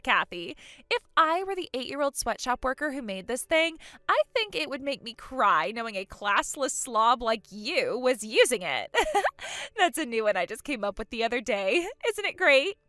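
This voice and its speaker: A spoiled, vain younger sister, as a woman puts her on, taunting and giggling through every line. Her voice sits high and bright, swooping up and down, and it is close and dry. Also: no room sound, heavily acted. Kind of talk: acted story dialogue.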